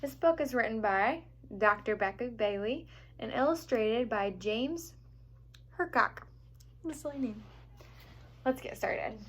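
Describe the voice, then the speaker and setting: A woman's voice: on the high side, measured pace, pauses often. Cheerful woman reading aloud to young children. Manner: gentle and expressive, talking to young children. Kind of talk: storybook read-aloud for children.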